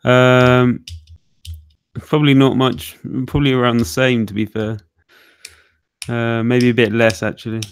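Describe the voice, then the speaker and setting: Smooth, hesitant British guest. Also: male voice, medium pitch, flat delivery, a little slow, pauses often, no echo. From Britain. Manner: hesitant, lots of ums and restarts. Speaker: podcast guest. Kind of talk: casual podcast chat.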